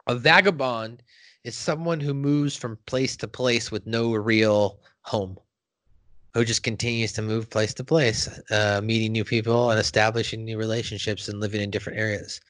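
A man's voice: on the low side, steady tone, normal speed, fairly bright tone, no echo. A man hosting a podcast, chatting casually with rambling jokes and crude language. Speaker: podcast host. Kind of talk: casual chat.

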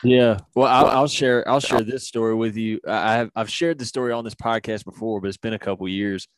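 Male podcast host, low voice, relaxed, dry close recording. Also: fairly quick, no room sound. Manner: relaxed, affirming listener who shares his own stories. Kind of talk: casual chat.

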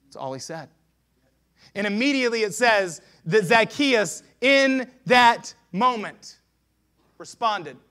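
A pastor preaching a sermon with passion, swinging between hushed lines and loud shouts. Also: male voice, sits high, lively intonation, slow pace.

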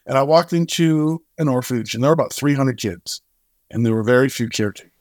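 Brief: middle-aged male guest, mid-pitched, vivid storyteller voicing the people in his story, dry close sound. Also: fast talker, no echo. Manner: animated storyteller who acts out dialogue. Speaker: charity co-founder and guest; singer-songwriter. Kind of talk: storytelling in a podcast interview.

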